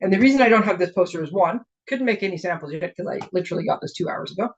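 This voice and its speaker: A woman's voice: lowish voice, animated, rapid-fire. A woman demonstrating papercraft products in a casual show-and-tell, chatty and gushing, with rambling asides. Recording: dull lo-fi recording.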